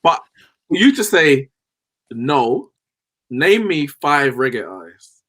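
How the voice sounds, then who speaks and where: Man, podcast co-host, casual football chat, bright tone, animated pitch. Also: takes it slowly.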